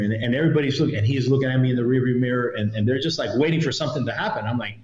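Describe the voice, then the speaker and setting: A middle-aged man, a retired federal agent, recounting a story in a podcast interview as an animated storyteller who acts out what others said. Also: mid-range voice, very fast, hardly any pauses. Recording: roomy, slightly dull sound.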